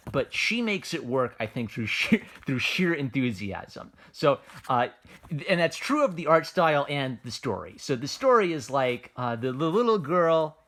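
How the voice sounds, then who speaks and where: An amused male manga reviewer with a medium-pitched, slightly bright voice offers a casual, unscripted take. He rambles along, restarts sentences often and fills his speech with "like" and "uh."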